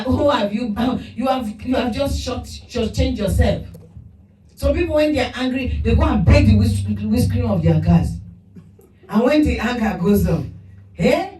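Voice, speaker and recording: A woman preaching a sermon, lively and laughing between points, putting on quoted voices. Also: on the high side, moderate pace. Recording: echoey room from far off with music.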